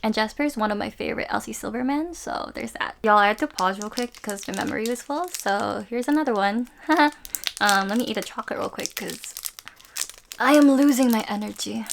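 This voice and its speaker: A woman's voice: fairly high pitch, creaky, a little hiss or hum. A woman chatting casually in a book review vlog, gushing and playful, laughing often as she talks.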